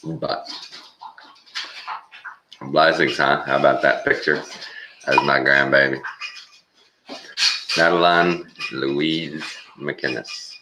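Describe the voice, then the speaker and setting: A man's voice: extremely low pitch, fairly even intonation, very slow, pauses often, noisy background. An older man from Texas with a Texan drawl, rambling folksy and chuckling through a casual morning vlog. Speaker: vlogger.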